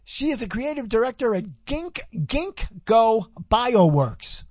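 A man's voice: very high voice, very animated, slow pace, a little mellow, no echo. A man hosting a radio talk show, chatting and reading items aloud in a rambling way, correcting himself as he goes. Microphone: handheld microphone.

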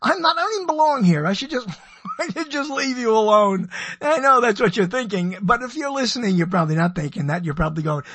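Older male radio personality: lively, sing-song delivery, husky tone, wry and digressive monologue. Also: high-pitched, fairly quick, no room sound. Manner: digressive, self-interrupting, wry.

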